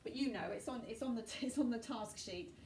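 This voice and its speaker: A woman's voice: a little high, brisk, darkish tone. A woman, a primary school teacher thinking aloud as she models her writing in a chatty recorded lesson. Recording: distant mic, faint room noise.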